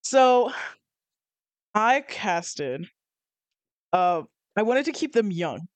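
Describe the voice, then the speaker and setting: Playful young woman podcaster, smooth voice. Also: medium pitch, sing-song, very slow, no room sound. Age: 20s. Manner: hesitant, self-correcting, playful. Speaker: podcast co-host. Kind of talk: casual chat.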